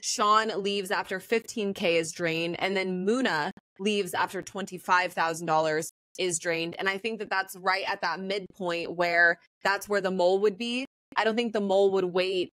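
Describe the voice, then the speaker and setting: Young female co-host, mid pitch, methodical casual analysis, dry recording. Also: fairly even intonation, normal speed, few pauses, fairly bright tone, dry recording. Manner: methodical, walks through notes. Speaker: co-host, former contestant. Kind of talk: casual chat.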